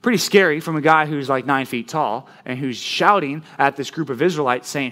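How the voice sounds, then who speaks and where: A man preaching a casual youth sermon, telling the story in a chatty, animated way with lots of fillers. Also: fairly high pitch, moderate pace. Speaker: youth pastor.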